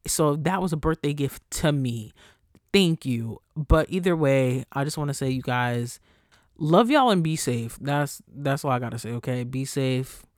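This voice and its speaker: A man hosting his own podcast alone, talking casually in a blunt, profane, animated way as he gives his listeners a pep talk. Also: medium pitch, measured pace, no echo, studio quality. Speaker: podcast host.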